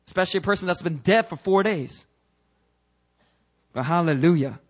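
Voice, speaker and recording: A male pastor preaching a fervent sermon that rises into shouting, then leading prayer. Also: sits high, moderate pace, long pauses.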